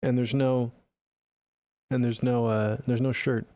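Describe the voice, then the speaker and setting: A man's voice: medium pitch, flat delivery, a little slow, dark tone, no room sound. A man streaming music feedback from a home studio closet, talking in a laid-back, rambling and profane way. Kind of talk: casual live-stream chat.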